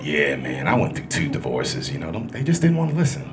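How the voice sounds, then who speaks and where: A man doing a stand-up comedy set in a club, loud and crude, working the crowd as he tells stories. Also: extremely low pitch, a little fast. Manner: loud, crude, animated storytelling with crowd work. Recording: live club recording with room noise.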